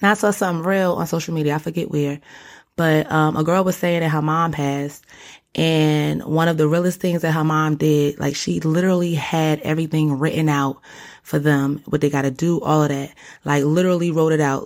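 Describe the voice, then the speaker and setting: A woman's voice: deep voice, steady tone, moderate pace, a little mellow. A young woman hosting a solo podcast, talking casually and animatedly in slang, often calling the listener honey or baby. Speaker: podcast host.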